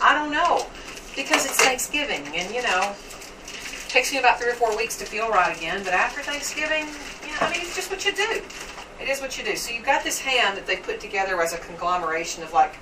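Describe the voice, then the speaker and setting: A woman's voice: fairly high pitch, background noise. A woman chatting casually as she cooks, rambling and a little squeamish about raw meat. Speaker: home cook vlogger. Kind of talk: casual cooking chat. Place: home kitchen. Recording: distant mic with kitchen clatter.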